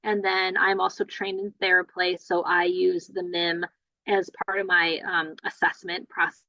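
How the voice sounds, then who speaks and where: A woman's voice: fairly low pitch, flat delivery, moderate pace, bright, forceful tone, no echo. A woman play therapist giving a conversational training lecture, with frequent fillers and asides. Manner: conversational, many "you know" fillers. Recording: dull lo-fi dry audio.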